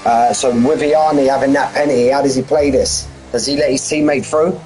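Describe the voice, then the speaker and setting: A man's voice: medium pitch, fairly even intonation, brisk, a little mellow, slight background noise, low-quality recording. A man giving live race commentary in a chatty, rambling, jokey way. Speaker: sim racing commentator.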